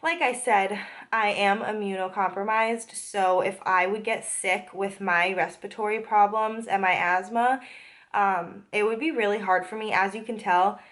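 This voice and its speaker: A woman's voice: medium pitch, fairly even intonation, moderate pace, fairly bright tone. A young woman telling a story in a casual vlog, chatty with lots of fillers, a little out of breath from a cold. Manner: chatty, many filler "like"s, indignant retelling. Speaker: vlogger.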